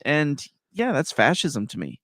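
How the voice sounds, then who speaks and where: Brief: man co-host, fairly high voice, agreeable and laughing, dry call sound. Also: huge pitch swings, unhurried, fairly bright tone, no echo. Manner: agreeable, laughs often, chimes in. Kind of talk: casual political chat.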